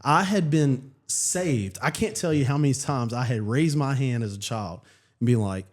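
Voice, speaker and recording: Pastor, male, mid-pitched, earnest halting testimony. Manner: earnest, halting, many restarts. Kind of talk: personal testimony in casual chat.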